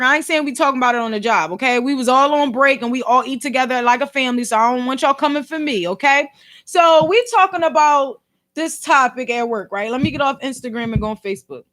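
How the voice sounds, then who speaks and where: A woman's voice: high voice, bright, forceful tone. A young woman with a Philadelphia accent, hosting a podcast livestream and telling a story in a chatty way, talking straight to her viewers. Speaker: podcast host. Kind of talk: casual livestream chat.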